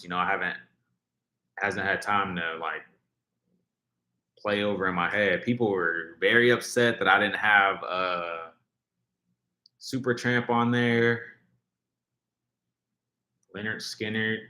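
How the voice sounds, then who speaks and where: A man with a lowish voice and a bright, forward edge hosts a casual livestream, reacting to music and reading viewer comments. His talk rambles, leaning heavily on fillers, with frequent restarts. The audio bounces around a roomy space.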